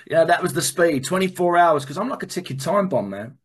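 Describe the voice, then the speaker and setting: A man shares his recovery story, earnest and animated, often restarting his sentences. His voice sits a little higher than most men's. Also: normal speed, breathy edge. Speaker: recovery speaker. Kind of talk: personal testimony talk.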